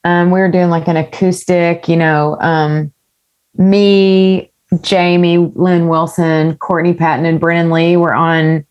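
A woman with a slightly low voice, chatting as a singer-songwriter guest. She tells her story in a candid, rambling way and swears without a second thought. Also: flat delivery, takes it slowly, a little mellow, muffled recording. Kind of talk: casual interview chat.

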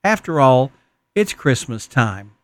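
A man's voice: mid-range voice, very animated, slow pace, no room sound. A man voicing a busy young mother who hurriedly brushes off her little daughter.

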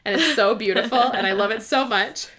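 A woman chatting casually about a book as a co-host, gushing and animated, swearing freely and reading passages aloud. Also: a little high, a little fast. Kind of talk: casual book discussion chat.

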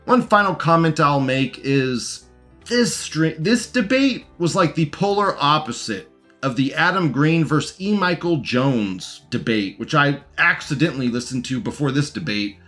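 Brief: male commentator, mid-pitched, sarcastic and teasing, reacting to a clip. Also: expressive, moderate pace, fairly bright tone, faint music behind. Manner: mocking, talks back to the clip. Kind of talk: casual commentary.

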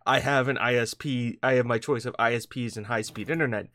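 Brief: American guy, mid pitch, rambling podcast host, swears freely. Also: fairly quick. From United States. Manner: rambling, animated, swears often, slips into parody voices. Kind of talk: casual chat.

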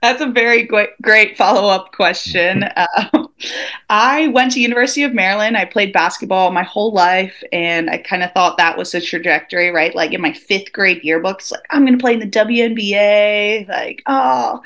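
A woman talking casually as a guest, lively and laughing often as she acts out quoted remarks. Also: mid-range voice, normal speed. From United States. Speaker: guest, rugby commentator. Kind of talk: casual interview chat.

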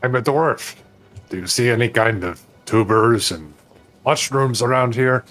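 A man's voice: medium pitch, unhurried, fairly bright tone, faint music behind, lightly acted. A man voicing a seasoned male dwarf sailor who speaks in a dry, matter-of-fact way.

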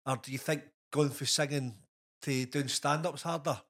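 A man's voice: mid-range voice, steady tone, moderate pace, a bit bright. A man co-hosting a podcast in casual chat, blunt and sweary, saying "aye" a lot.

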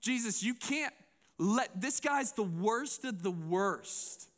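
A man voicing an exasperated male disciple who protests to his teacher with rapid, indignant complaints. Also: high voice, a bit bright, clean tone.

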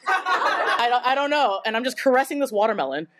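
Lively young woman telling a story. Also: fairly high pitch, moderate pace, noisy background. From Taiwan. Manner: casual and chatty, lots of "like", laughs often. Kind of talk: live storytelling on stage. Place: live event in front of an audience.

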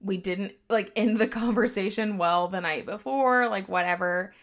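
A woman telling a story on a casual podcast, animated and quoting others in her own voice. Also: medium pitch, moderate pace. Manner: animated, heavy use of "like", quotes people in her own voice.

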